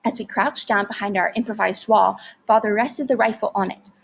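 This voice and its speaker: A woman reading a memoir story aloud as a teacher, in a steady, gentle storytelling manner. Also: medium pitch, fairly quick, vocal fry, breathy edge.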